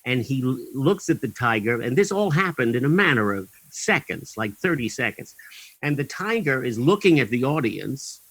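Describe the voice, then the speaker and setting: A man's voice: medium pitch, very animated, normal speed, fairly bright tone, no room sound, poor audio. A man guest in an interview, telling long anecdotes in a rambling way with many ums and chuckles.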